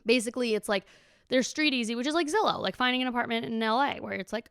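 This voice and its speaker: Smooth-voiced chatty young woman. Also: on the high side, fast talker, a bit bright, no echo, studio quality. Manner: rambling and chatty, heavy use of "like", swears casually. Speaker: vlogger. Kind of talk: casual chatty vlog.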